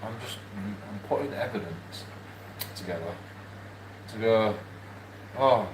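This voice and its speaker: A man's voice: on the low side, slow, echoey room, noisy background. A man, drunk and angry, ranting rambling and swearing to camera in a vlog from a shared house. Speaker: YouTube channel host.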